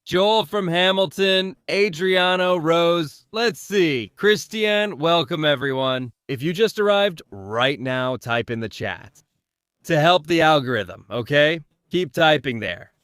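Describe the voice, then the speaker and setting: Man, live-stream news commentary, rhetorical questions, smooth clear voice, dry close-miked sound. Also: fairly high pitch, lively intonation, slow, fairly bright tone, dry recording. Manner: rhetorical questions, greets chat viewers.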